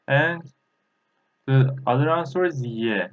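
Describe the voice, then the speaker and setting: A man, a native Turkish speaker, giving a language lesson in English, halting and repeating words slowly with many fillers. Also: mid-range voice. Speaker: language teacher. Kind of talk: slow spoken language lesson. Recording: tinny phone-like audio.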